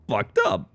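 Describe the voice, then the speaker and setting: A man live-streaming, chatting with his viewers in a playful, excitable way. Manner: playful, excitable, talks to chat. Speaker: livestreamer. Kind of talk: casual live-stream chat.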